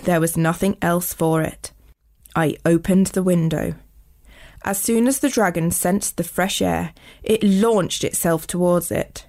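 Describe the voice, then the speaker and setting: A woman, a children's author, reading her own storybook aloud with clear, expressive delivery. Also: fairly low pitch, measured pace.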